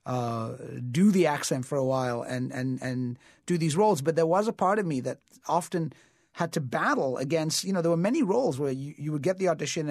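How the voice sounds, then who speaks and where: In a relaxed interview, a U.S. actor with a slightly high voice reflects on stories, often restarting and using fillers. The sound is clean studio audio with no room sound.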